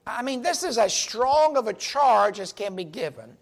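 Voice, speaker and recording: Man, fairly high pitch, bible teacher, emphatic sermon delivery. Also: expressive, gravelly. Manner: earnest, emphatic, reads scripture aloud with slowed stress.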